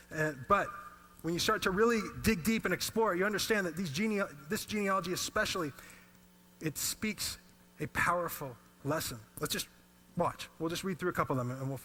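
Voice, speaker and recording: Pastor, man, thirties, bright animated sermon storyteller. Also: high voice, a little fast.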